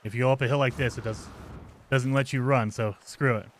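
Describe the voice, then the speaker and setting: A man's voice: mid-range voice, steady tone, brisk, slight background noise. A man streaming a game, chatting and explaining his moves as he plays, grumbling when things go wrong. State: out of breath at times while running. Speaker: gaming streamer. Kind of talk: casual gameplay commentary.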